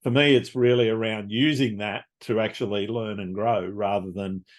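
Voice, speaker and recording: A male podcast host talks over his thoughts in a reflective, measured way. His voice sits on the low side, and he keeps an easy, conversational tone. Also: steady tone. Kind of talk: casual podcast interview.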